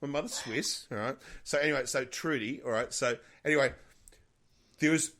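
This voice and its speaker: A man's voice: mid-range voice, normal speed, a bit bright. A middle-aged man co-hosting a podcast, telling a rambling story in casual chat. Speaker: podcast co-host.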